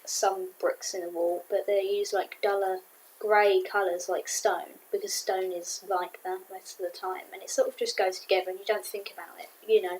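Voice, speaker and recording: A woman casually reviewing a cartoon episode to camera, rambling and excitable with many fillers. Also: mid-range voice, a little hiss or hum, rough recording. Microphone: camera mic.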